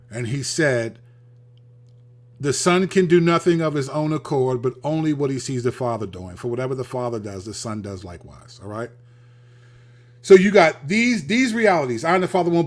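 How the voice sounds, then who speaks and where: A male host delivers a casual, sermon-like talk, mixing loose slang with scripture. His voice sits a little high and swoops widely up and down as he presses his points. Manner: animated, emphatic, repeats phrases for stress. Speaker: Christian channel host. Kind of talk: preaching-style video talk.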